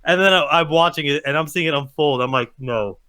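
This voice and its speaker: A man's voice: a little high, quick pace, bright, forceful tone, clear, resonant tone. A man co-hosting a casual podcast chat, ranting with heat and plenty of swearing. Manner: heated, ranting, profane.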